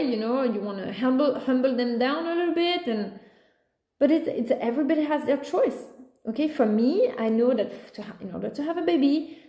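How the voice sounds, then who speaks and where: A woman's voice: a little high, warm tone. A woman talking casually about her life as a mother, rambling with restarts and acting out the voices of others. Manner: talkative, rambling with restarts, acts out her son's voice. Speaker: mother sharing personal views. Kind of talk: casual spoken monologue. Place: at home with a small dog. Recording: echoey room.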